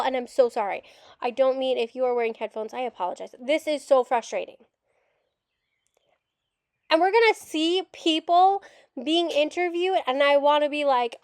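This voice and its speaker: A woman with a high voice rants in frustration as she reacts to a documentary, cursing without apology. Her sound is dry and close to the mic, with no room around it. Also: normal speed, long pauses, dry recording. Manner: frustrated, ranting, swears openly. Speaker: adoptee commentator. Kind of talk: reaction rant video.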